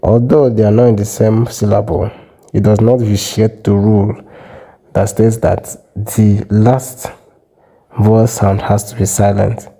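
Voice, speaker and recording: Male language teacher, dark mellow tone, patient step-by-step explainer. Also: lowish voice, little pitch movement, vocal fry, low-quality recording. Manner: methodical, repeats example words slowly. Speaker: French teacher. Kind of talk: explanatory lesson.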